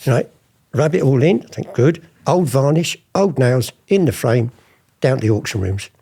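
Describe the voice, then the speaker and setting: Telling stories in a chatty interview, an older ex-art forger acts out remembered conversations using different voices. He speaks at normal speed with medium pitch, lively intonation, vocal fry, a dark tone, and a breathy edge.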